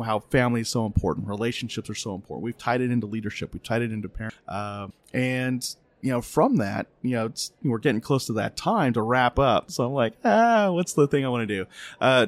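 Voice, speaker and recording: A man's voice: mid-range voice, dry recording. Middle-aged male podcast host, casual storyteller, dry close recording. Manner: storytelling, animated when laughing, filler-heavy. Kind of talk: casual interview chat.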